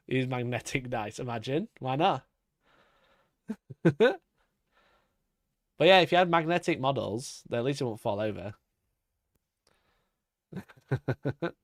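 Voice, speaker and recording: Young male streamer, mid-pitched, loose and profane, laughs a lot, dry sound. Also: no echo. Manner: sweary, laughs often, talks to his cat. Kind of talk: casual live-stream chat.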